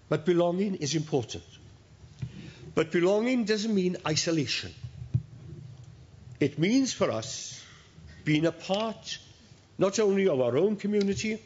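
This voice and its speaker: A man's voice: a little high, a little mellow. Older man giving a graduation address. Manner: measured, storytelling with pauses. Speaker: university leader addressing graduates. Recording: dull lo-fi recording.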